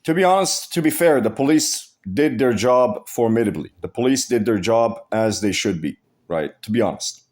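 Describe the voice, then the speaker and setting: A man's voice: medium pitch, animated, normal speed, darkish tone. A man vlogging to camera, telling a story bluntly with lots of swearing, restarting and repeating his phrases. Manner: blunt, profane, repetitive storytelling. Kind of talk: casual vlog monologue.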